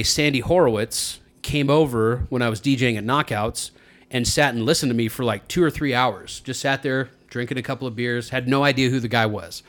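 A man on a radio show, telling long stories in a relaxed, rambling way and laughing often. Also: mid-range voice. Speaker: radio host. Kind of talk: casual chat.

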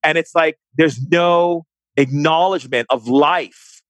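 A man's voice: fairly high pitch, takes it slowly, fairly bright tone, no room sound. A man in an emotional conversation, speaking with passion and often restarting and repeating his words.

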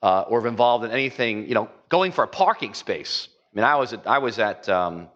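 A man's voice: on the low side, animated, a little fast, fairly bright tone, dull audio. A man preaching a conversational sermon as a pastor, rambling with many fillers and acting out quotes.

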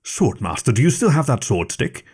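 A jittery, pleading male fox scholar whose voice climbs when he grows desperate, dropping German words as he talks, put on by a male storyteller. He sounds earnest and hurried in an audio story. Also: mid-range voice, big pitch swings, a little mellow, slightly rough, heavily acted. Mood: eager urgent. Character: anxious defecting male fox scientist.

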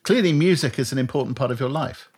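A man's voice: medium pitch, lively intonation, fast talker, breathy edge. A man hosting an interview, setting up his questions with background detail in an easygoing, conversational way. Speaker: interview host.

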